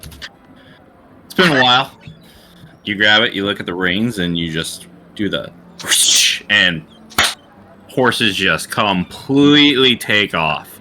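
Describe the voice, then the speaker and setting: A man runs a tabletop game, narrating the scene loosely and vividly with playful sound effects. His voice sits low but very bright and forward. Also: takes it slowly, slight background noise. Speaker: game master.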